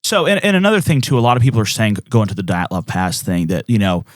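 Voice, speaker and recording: Jokey low-voiced male podcast co-host. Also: quick pace, dry recording, studio quality. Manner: jokey, animated, with many restarts. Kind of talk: casual chat, reading listener comments.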